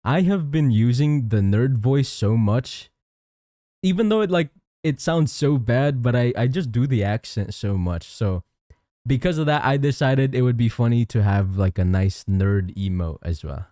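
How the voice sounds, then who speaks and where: A man's voice: medium pitch, lively intonation, measured pace, dark tone, no echo, clean studio sound. A young man chatting casually on a live stream as a VTuber, reading chat aloud and answering viewers with frequent restarts.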